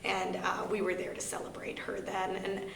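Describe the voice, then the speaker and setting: A woman's voice: medium pitch, monotone, moderate pace. A woman with a Minnesota accent, speaking to a library audience in a candid, earnest way, sharing a personal story. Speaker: guest speaker on grief. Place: library meeting room. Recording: echoey room with faint hum.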